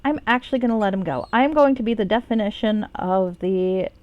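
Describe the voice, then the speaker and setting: A woman's voice: medium pitch, fairly quick, dull audio, slight background noise. Woman, game streamer, casual rambling chat, swears freely, self-deprecating. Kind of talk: casual live-stream commentary.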